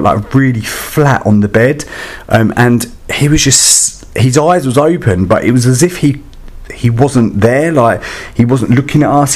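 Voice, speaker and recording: A man telling a story in a casual, chatty and dramatic way, with many fillers. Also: medium pitch. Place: static caravan.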